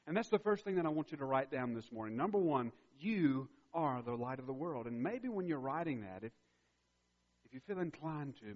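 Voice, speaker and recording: A man preaching a sermon as a pastor, emphatic and building in intensity, repeating key phrases for weight. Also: mid-range voice. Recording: dull recording with long hall reverb.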